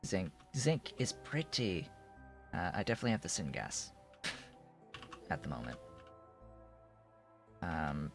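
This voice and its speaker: A man's voice: low voice, big pitch swings, a little slow, pauses often, faint music behind. A man streaming a game, thinking aloud in a rambling way with many restarts. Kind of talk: casual live-stream commentary while playing.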